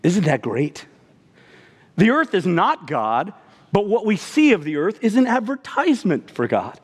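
A man preaching a sermon to a congregation, expressive, often dropping his voice low for emphasis. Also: moderate pace, husky, long reverb tail. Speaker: pastor.

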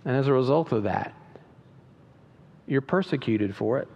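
Pastor preaching in a reverberant hall. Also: male voice, mid-range voice, lively intonation, normal speed, a little mellow. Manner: conversational preaching with emphatic rises and frequent restarts. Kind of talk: sermon. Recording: dull lo-fi sound with long hall reverb.

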